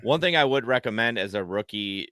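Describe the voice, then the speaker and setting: A man's voice: on the low side, expressive, a little fast, bright, forceful tone, dry recording, studio quality. A man co-hosting a casual podcast livestream, joking bluntly and with a lot of animation. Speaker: podcast co-host.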